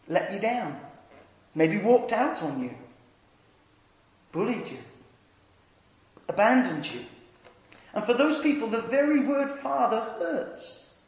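A preacher with a fairly high voice delivers an earnest sermon, telling stories and sinking to a near-whisper on tender points. His words ring around a large church, with a long reverb trailing each phrase. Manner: earnest storytelling, dropping to a hush on tender points. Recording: echoey church hall.

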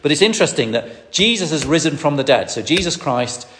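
Preacher echoing through a hall. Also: male voice, fairly high pitch, animated, a little fast, fairly bright tone, a little hiss or hum. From Lancashire, England. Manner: repeats words and restarts, emphatic. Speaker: preacher, ordained minister. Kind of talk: sermon. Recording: long hall reverb.

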